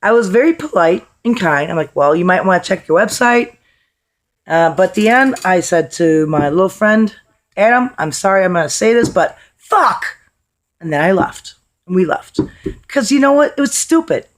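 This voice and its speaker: A woman with a hoarse, worn voice tells a story to her camera in a loose, chatty way. She is blunt and swears casually as she talks. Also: lowish voice, expressive, moderate pace. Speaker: vlogger.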